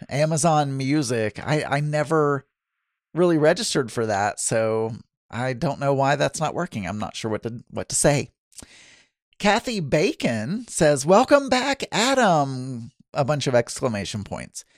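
A man hosts a relaxed solo podcast, reading out listener messages and chatting about them. His voice sits fairly high and swings up and down a lot. The sound is dry and close, with no room echo. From Arkansas. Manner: chatty and self-deprecating, with frequent laughs and restarts. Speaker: podcast host.

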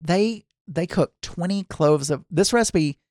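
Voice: medium pitch, unhurried, darkish tone, no room sound, clean studio sound. A podcast co-host in casual chat, musing aloud and often trailing off and restarting sentences.

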